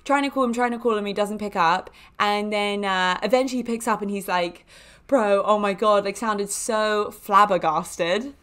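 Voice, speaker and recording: A young woman hosting a podcast, telling casual stories in a chatty, animated way with frequent laughs and fillers. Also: medium pitch, moderate pace, few pauses. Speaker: podcast host. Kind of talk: casual storytelling monologue.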